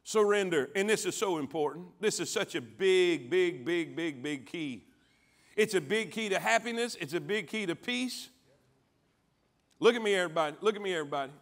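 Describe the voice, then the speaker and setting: A man preaching a sermon as pastor, calling on the congregation to answer back and swinging from quiet, low lines to loud ones. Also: expressive, moderate pace. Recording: church sanctuary.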